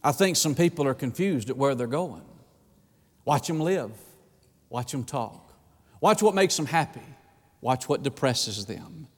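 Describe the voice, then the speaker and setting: A male pastor preaching a sermon with fervor, swinging between urgent bursts and slow, hushed emphasis. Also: mid-range voice, big-room sound.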